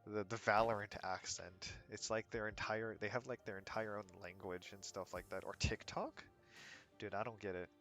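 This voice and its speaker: An American man from the United States streams a game and chats with his audience in a rambling, laid-back way, answering chat with frequent chuckles. His voice is fairly low and a bit bright, with fairly even intonation at a normal speed, and soft music plays in the background.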